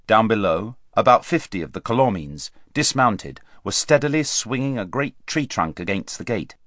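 A man narrates a story with an expressive, animated delivery. His voice sits on the low side and rises and falls in wide, lively swings. The recording is close and dry, with no room around it. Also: no echo. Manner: expressive storytelling, varied pace. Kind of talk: audiobook narration.

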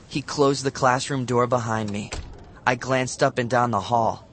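A man narrating a children's novel as an audiobook, in a lively, expressive storytelling manner. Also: medium pitch, unhurried, a little hiss or hum.

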